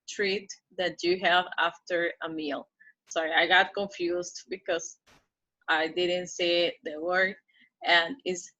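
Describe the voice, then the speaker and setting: A woman teaching English pronunciation. She says each model phrase slowly and carefully and checks in with "okay?" after it. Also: fairly low pitch, little pitch movement, sharp tone, lo-fi sound. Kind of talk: pronunciation lesson.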